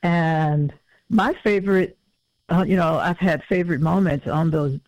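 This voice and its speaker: A man in his fifties, a musician talking as a guest in a casual interview, reflective and halting with many fillers. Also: a little high, dry recording. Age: 50s. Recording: dull lo-fi audio.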